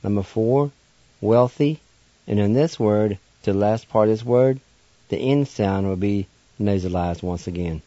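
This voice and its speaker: Patient, slow-spoken man teaching words. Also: on the low side, dark tone, no echo. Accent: Cherokee. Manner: patient, measured, spells letter by letter. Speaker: radio host teaching language words. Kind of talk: slow spelled-out language lesson. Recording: dull dry radio studio sound.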